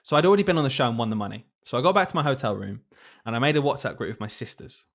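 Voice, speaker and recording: A young man telling a story in casual podcast chat, animated and laughing often. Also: mid-range voice, rapid-fire, gravelly. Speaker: podcast co-host, teacher.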